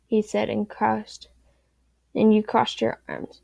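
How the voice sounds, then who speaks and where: Gravelly mellow woman reading a story. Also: medium pitch, completely flat delivery, slow, dry recording. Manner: rambling, offhand. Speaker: story reader. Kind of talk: casual chat and fan story reading.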